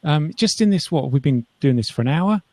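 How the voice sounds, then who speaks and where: An Englishman with a southern English accent chats as a live-stream guest, modest and quick to laugh. His voice sits a bit high and sounds close and dry through a desk mic. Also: lively intonation, a little mellow, dry recording. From England. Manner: chatty, self-deprecating, laughs easily. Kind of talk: casual video-call chat. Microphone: big desk mic on video call.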